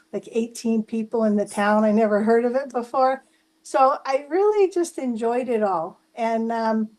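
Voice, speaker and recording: A woman's voice: a little high, low-quality recording. A woman from New Jersey chatting enthusiastically as a participant on a video call. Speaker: workshop participant. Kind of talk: casual video call chat.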